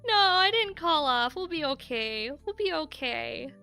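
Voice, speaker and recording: A woman's voice: high voice, lively intonation, measured pace, creaky, sharp tone. A young woman streaming, chatting casually and candidly with her viewers and swearing freely. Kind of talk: casual live-stream chat.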